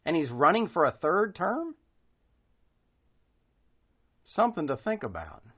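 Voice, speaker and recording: A man's voice: a little high, huge pitch swings, brisk, breathy edge. A man hosting a Christian video, commenting earnestly on a dream testimony and speaking straight to viewers. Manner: earnest, emphatic, addressing viewers directly. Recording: dull, lo-fi sound.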